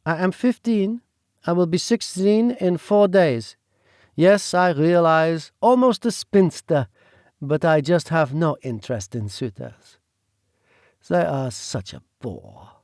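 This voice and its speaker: A man's voice: a little high, lively intonation, takes it slowly, a little mellow, dry recording, studio quality, pitched above the performer's own voice. A man voicing a clever, prim fifteen-year-old French girl with a French accent, speaking in a poised, precise way. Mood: wry. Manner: poised, precise, lightly teasing.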